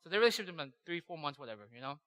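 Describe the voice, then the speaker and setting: A man preaching a sermon and telling a story in a lively, conversational way, often checking in with "right?". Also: a little high, racing. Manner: animated, conversational, tags lines with "right?". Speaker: pastor. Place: church hall. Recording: long echo of a hall.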